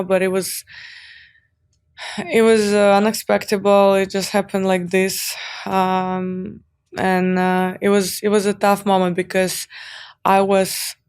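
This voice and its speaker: Young woman, interview guest, smooth voice, even delivery, earnest and open. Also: mid-range voice, slow. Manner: earnest, open, many fillers. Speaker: guest, tennis champion. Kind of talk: podcast interview.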